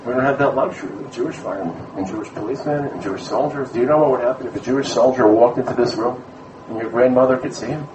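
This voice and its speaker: A man from Brooklyn, giving a lively sermon-style talk to a community gathering, telling stories and mixing in Hebrew terms. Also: medium pitch, fast, noisy background. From Brooklyn, USA. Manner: animated storyteller, mixes in Hebrew terms. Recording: echoey room, mic at a distance.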